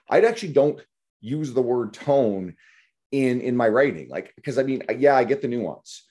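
A man's voice: mid-range voice, dark tone. A man hosting a podcast, talking bluntly and animatedly about coaching, swearing freely. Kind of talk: casual podcast conversation.

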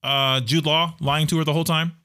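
A middle-aged man co-hosting a casual podcast chat, animated and quick to laugh, often trailing off into fillers. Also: fairly high pitch. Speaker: podcast co-host.

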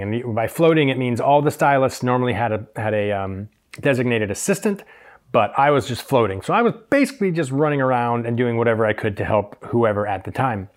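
Chatty man telling a salon story. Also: mid-range voice. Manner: chatty, self-deprecating, acts out quoted voices. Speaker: hairstylist podcast host. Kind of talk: casual anecdote storytelling.

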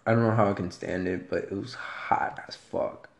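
A man hosting a casual solo podcast, with a soft, low voice and a rambling, profane, laid-back way of talking. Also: steady tone, normal speed. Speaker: podcast host.

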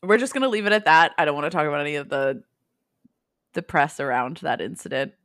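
A young adult woman co-hosting a casual podcast chat, animated and quick to laugh. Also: deep voice. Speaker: podcast co-host.

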